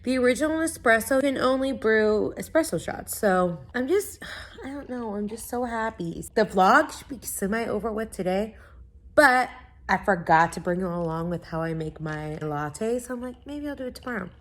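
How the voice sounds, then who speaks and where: A woman's voice: a little high, expressive, normal speed. A young woman, chatting casually in a book vlog, gushing and full of fillers. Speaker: book vlogger.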